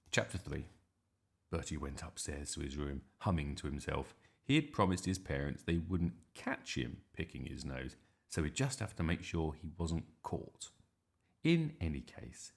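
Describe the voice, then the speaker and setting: A man reading a children's story aloud in an expressive, animated way. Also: sits low, gravelly.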